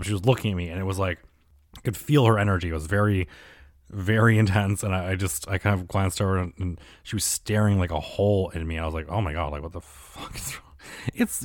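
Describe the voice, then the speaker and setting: A low-pitched man talks through a year in review in loose, sarcastic commentary. He rambles, swears freely and leans on fillers, and his voice sits dry and close with no room around it. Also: no echo.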